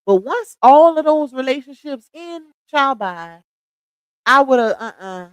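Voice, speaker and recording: Middle-aged woman, livestream host, sassy and quick to laugh, fairly high voice, dry close sound. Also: animated, no echo, poor audio. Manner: sassy, laughs often, drawls slang. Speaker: livestream host reading chat comments. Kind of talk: casual live-stream gossip chat.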